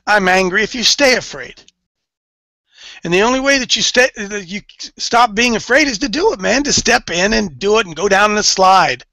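Folksy, emphatic preaching man with a high voice. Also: sharp tone, dry recording, low-quality recording. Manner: folksy and emphatic, repeats key phrases. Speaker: men's ministry leader. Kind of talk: informal sermon.

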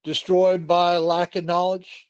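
A man's voice: high voice, little pitch movement, measured pace, highs cut off, slight background noise. A man calling in to a political talk show, blunt and indignant. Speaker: caller.

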